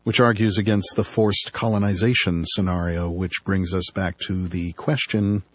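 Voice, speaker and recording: Male audiobook narrator, low-pitched, dry and wry. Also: fairly even intonation, moderate pace, dry recording. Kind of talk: first-person audiobook narration.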